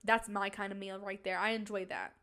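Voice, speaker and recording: A young woman hosting her podcast, rambling in a casual, animated way with many restarts. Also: mid-range voice, fairly quick, smooth. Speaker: podcast host. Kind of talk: casual chat.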